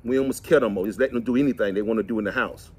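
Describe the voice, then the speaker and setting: A middle-aged man, chatting and telling folksy, animated stories to the camera outdoors while cleaning fish. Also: mid-range voice, very fast, breathy edge. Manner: folksy, animated, preachy asides. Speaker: vlog host. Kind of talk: casual storytelling chat.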